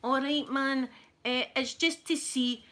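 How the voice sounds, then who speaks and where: A woman's voice: high-pitched, steady tone, slow pace, pushed and bright, voice pushed up, exaggerated voice. Wheedling young Glasgow woman on the phone, Glasgow accent, quoted by a female storyteller. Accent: Glaswegian. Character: young Glasgow woman begging drugs on credit.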